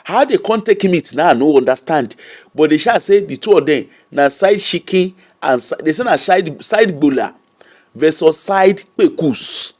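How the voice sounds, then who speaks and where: A Nigerian man runs a gossip commentary livestream in a high, lively voice that swoops up and down. He is animated, laughs often, and breaks off to thank viewers by name. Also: normal speed. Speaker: host.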